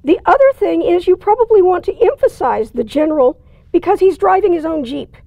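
High-voiced woman lecturing on writing. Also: animated, brisk, creaky, no room sound, highs cut off. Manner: plain, conversational explaining with dry asides. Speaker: writing instructor. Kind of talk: recorded lecture.

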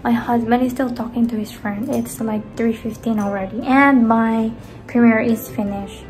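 Young woman from the Philippines, slightly high voice, rambling home vlog that trails off softly. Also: steady tone, normal speed. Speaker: vlogger. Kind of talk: casual chatty vlog. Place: indoors at home.

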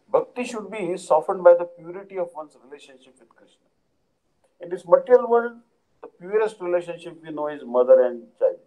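Guy teaching a devotional class, mellow dark voice, keeps asking understand?. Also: a little high, poor audio. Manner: repeatedly asks "Understand?" to listeners; unhurried, explanatory, with frequent fillers. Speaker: spiritual teacher. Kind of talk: devotional lecture.

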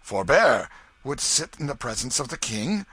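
Man doing a haughty storybook boy king, raised pitch, commanding. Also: expressive, unhurried, sharp tone, no room sound, heavily acted. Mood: indignant. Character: boy king, young, imperious and indignant.

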